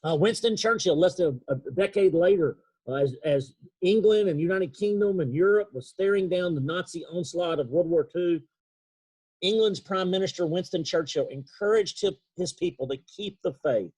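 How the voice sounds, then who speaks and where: A man with an East Texas accent giving an earnest, emphatic leadership talk on a video call, slowing down for key points. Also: sits high, expressive, a little mellow, slightly rough. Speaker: leadership speaker. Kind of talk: motivational webinar talk.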